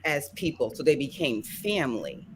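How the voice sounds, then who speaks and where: Animated storytelling woman guest. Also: a bass voice, normal speed, a little hiss or hum. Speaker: guest daughter. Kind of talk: casual panel chat.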